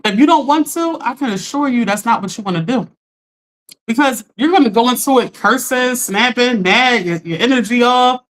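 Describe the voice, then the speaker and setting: A woman with a somewhat high voice hosts a casual coaching livestream from her phone. She talks straight to her viewers in a chatty, direct way and keeps checking in with them. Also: animated, normal speed. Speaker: life coach hosting a livestream.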